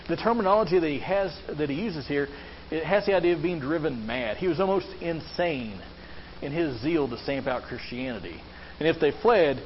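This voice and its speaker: A man preaching a sermon as a pastor, earnest, often asking the listeners questions. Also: fairly high pitch. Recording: slightly dull lo-fi sound with faint background hiss.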